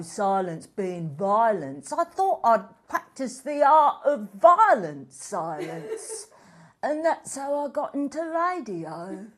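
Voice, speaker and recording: A woman doing a self-dramatizing middle-aged activist, earnest and rambling, as a comedy character. Her voice sits fairly high, and she drags her words out slowly. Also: full character voice. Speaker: guest in a comedy sketch.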